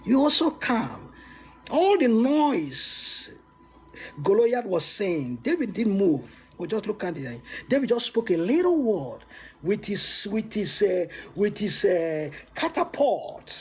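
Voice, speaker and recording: A man giving a motivational talk with emphatic swoops in pitch, frequent restarts and laughs between points. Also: very animated, slow pace, a little mellow, a little hiss or hum. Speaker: motivational speaker.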